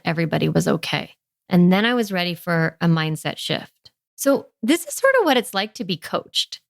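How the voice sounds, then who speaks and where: A woman's voice: fairly low pitch, gravelly, no echo. Earnest woman podcast host, dry close sound. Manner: earnest, conversational, many "like" fillers. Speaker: parenting coach and podcast host. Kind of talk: casual podcast monologue.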